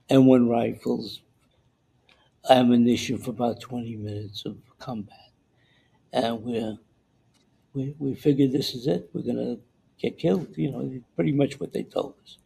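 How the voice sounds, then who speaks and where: An older man recounting a wartime memory in an oral-history interview, halting and repeating himself, acting out the voices in his story. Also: mid-range voice, creaky, mellow, breathy edge, rough recording. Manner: halting, repeats words and acts out the dialogue he recalls.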